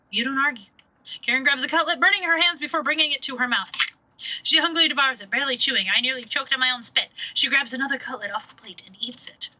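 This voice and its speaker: A woman's voice: sits high, sharp tone, rough recording. A woman streaming a horror game, reading its narration aloud and tossing in irreverent, profane jokes between the lines. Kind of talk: live game playthrough with read-aloud narration.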